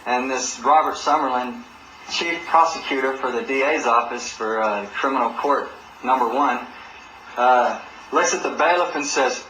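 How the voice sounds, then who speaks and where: A man spins a personal story in a casual, animated way. His voice is bright and forceful. The room is echoey, with faint noise behind him. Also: mid-range voice, normal speed. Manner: animated, acts out other people's words in a raised voice. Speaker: channel host telling a personal story. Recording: roomy echo with faint background noise.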